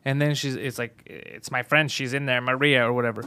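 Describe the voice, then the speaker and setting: A man's voice: fairly quick, smooth. A man co-hosting a podcast, telling a story in casual chat, swearing and acting out the people he quotes. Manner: excitable, profane, acts out quotes with rising pitch. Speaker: podcast co-host.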